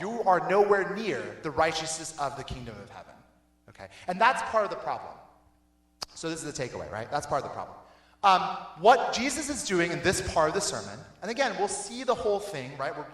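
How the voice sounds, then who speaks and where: A young adult man giving a casual youth sermon, lively and conversational, laughing often and checking in with the listeners. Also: high-pitched, reverberant. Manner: animated, laughing, conversational with frequent "right?" and "okay?". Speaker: youth pastor. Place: church hall.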